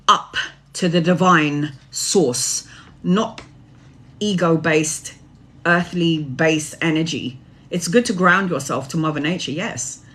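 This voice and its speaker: A woman's voice: on the low side, a bit bright. A woman tarot reader giving a casual spiritual monologue, preachy and swearing freely.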